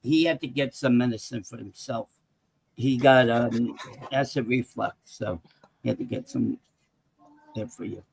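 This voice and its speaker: A man, a guest on a live-stream talk show, talking in an excitable way and calling out viewers in the chat. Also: medium pitch, measured pace, gravelly, pauses often, a little hiss or hum. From New York. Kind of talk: casual live-stream banter.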